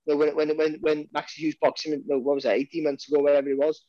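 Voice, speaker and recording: A man's voice: a little high, flat delivery, very fast, mellow, no echo, highs cut off. A man with a Welsh accent, a boxing commentator chatting casually and restarting his sentences often. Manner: rambling, many restarts and repeated words. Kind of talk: casual podcast chat.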